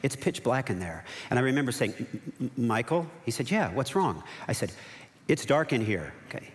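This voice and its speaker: A man's voice: medium pitch, a little fast. Man preaching in a reverberant hall. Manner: animated preaching with quoted voices and sudden hushed asides. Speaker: pastor. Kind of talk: sermon. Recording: long reverb of a church hall.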